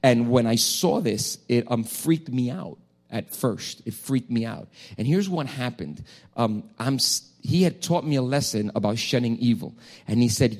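Male pastor preaching, animated storyteller, keeps restarting his sentences. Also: medium pitch, normal speed. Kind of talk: sermon.

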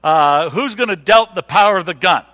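A man's voice: high-pitched, lively intonation, normal speed, bright, forceful tone. A middle-aged male pastor preaching a sermon in a folksy way, repeating words and using dry humor. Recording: long hall reverb.

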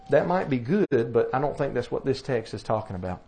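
A man's voice: medium pitch, lively intonation, fairly quick, creaky, warm tone, slight background noise. A man with a Southern US accent preaching a sermon in a folksy, plainspoken way, asking rhetorical questions. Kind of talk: sermon teaching.

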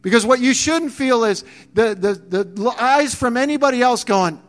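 Man, pastor, high voice, animated sermon, acts out quotes, frequent restarts. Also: a little slow, hardly any pauses.

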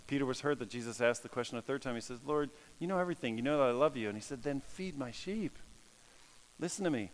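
A man preaching a casual, animated sermon, acting out quotes and laughing at his own jokes. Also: medium pitch, fast talker. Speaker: pastor. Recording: long hall reverb.

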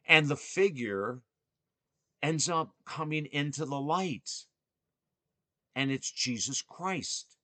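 Earnest man with a bright voice. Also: a little high, takes it slowly, pauses often, no room sound. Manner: earnest, emphatic, swings from excited to hushed. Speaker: podcast host. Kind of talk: personal storytelling.

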